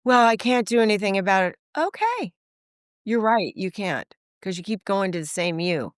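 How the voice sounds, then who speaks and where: A woman's voice: medium pitch, fairly quick, smooth, no room sound, clean studio sound. A woman in her sixties, a podcast guest, telling stories casually and acting out the dialogue in different voices. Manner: animated, acts out quoted dialogue in voices; frequent filler "like". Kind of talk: casual conversational storytelling.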